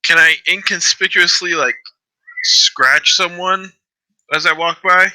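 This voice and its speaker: A man with a very bright, sharp voice speaks up at a tabletop game, eager and fairly loud. The sound is dry and close to the mic. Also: sits high, fairly even intonation, a little slow, no room sound, rough recording. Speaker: player. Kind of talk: casual tabletop role-play.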